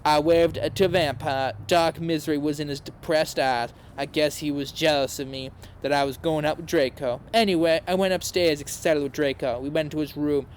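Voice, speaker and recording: A man's voice: fairly high pitch, fairly even intonation, moderate pace, hardly any pauses, a little hiss or hum. A man hosting a podcast, giving a comedic dramatic reading with a mock-earnest tone and sarcastic asides. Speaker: podcast host reading aloud.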